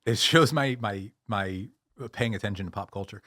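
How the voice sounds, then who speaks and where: A man with a somewhat low voice talks as the expert guest on a podcast. He tells stories in an animated way and often restarts his sentences. The sound is close and dry. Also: normal speed, dry recording. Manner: animated storyteller, many restarts. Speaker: guest, posture and pain-relief expert. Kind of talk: podcast interview.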